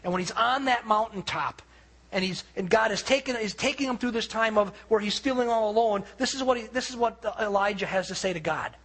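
With a husky, slightly raspy voice pitched high for a man, this pastor addresses his congregation at a brisk pace. His sermon stories come alive as he acts out people's words.

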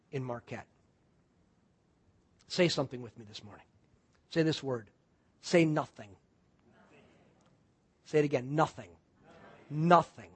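Guy from wisconsin preaching, pretty high voice, tells stories animated. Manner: animated storytelling, voices quoted people. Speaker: pastor. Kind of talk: sermon.

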